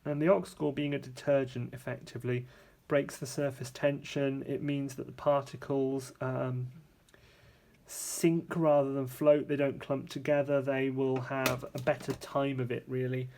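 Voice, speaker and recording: A man giving a casual, hands-on painting tutorial, chatty and relaxed, thinking aloud and correcting himself as he works at a painting table. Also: medium pitch, unhurried. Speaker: art supplies reviewer demonstrating paints.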